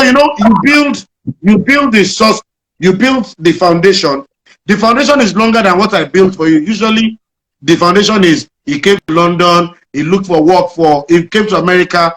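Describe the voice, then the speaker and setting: A Nigerian man, a comedian being interviewed, explaining his craft and telling jokes in an animated storytelling manner with a Nigerian accent. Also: high voice, poor audio. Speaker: comedian guest.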